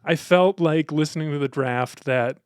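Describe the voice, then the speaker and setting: A man's voice: on the high side, moderate pace, smooth, no room sound, studio quality. Playful American man hosting a podcast. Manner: playful, theatrical opening reading. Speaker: producer and fill-in host. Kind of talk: podcast chat.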